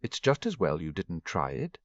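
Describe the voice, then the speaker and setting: A man voicing an earnest, bookish teenage girl in a fan-fiction audiobook, talking in quick rushes. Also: low voice, huge pitch swings, no echo. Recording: dull, muffled dry recording.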